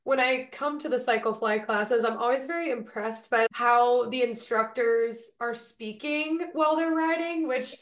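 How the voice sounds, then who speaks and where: A woman's voice: a little high, measured pace, few pauses, fairly bright tone, reverberant. A young woman hosting a podcast interview, asking questions in a friendly, chatty way. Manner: friendly, chatty, uses "like" often. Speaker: podcast host.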